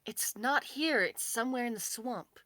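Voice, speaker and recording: A woman's voice: a little high, normal speed, pushed and bright, dry recording. A woman playing a tabletop game, rambling through her character's actions with many fillers. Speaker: player.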